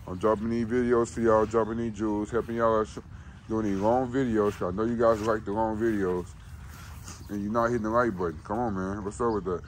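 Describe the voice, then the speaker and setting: A man with a lowish voice talks straight to his viewers in a casual vlog, blunt and insistent, repeating his points. He is outdoors by a dog kennel, and a faint hum of ambience sits under his voice. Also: flat delivery, brisk. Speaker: dog breeder and vlogger. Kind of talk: casual motivational vlog talk.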